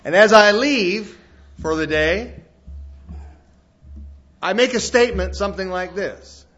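A man's voice: high voice, slow, fairly bright tone. A male pastor preaching a sermon in a folksy, emphatic storytelling manner to a congregation in a church. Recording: dull lo-fi sermon recording.

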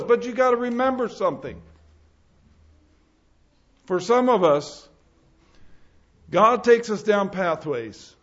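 A man preaching a sermon, earnest and emphatic, rising and falling in loudness for effect. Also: very high-pitched, muffled recording.

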